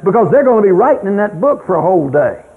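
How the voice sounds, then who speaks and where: Speaking fast, this older man spins emphatic, folksy anecdotes on child rearing, his pitch high and his delivery lively, punctuated by abrupt loud outbursts. It comes through as a tinny, low-fidelity radio broadcast drenched in long reverb.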